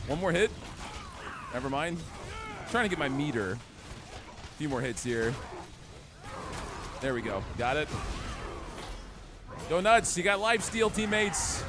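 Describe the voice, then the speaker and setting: A young man commenting excitedly on his gameplay, chatty and trash-talking enemies as he streams. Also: a little high, a little slow, pauses often, noisy background. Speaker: gaming streamer. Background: game music.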